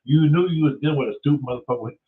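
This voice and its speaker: A man's voice: fairly high pitch, very fast. A man hosting his own show, telling stories in a casual, profane rant and acting out what people said. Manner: profane, animated storytelling with acted-out quotes. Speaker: host. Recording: tinny phone-like sound.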